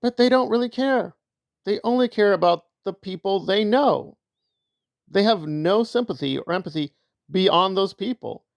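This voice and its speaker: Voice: mid-range voice, normal speed, gravelly, no room sound, studio quality. A commentator giving opinion commentary in a sarcastic, argumentative way.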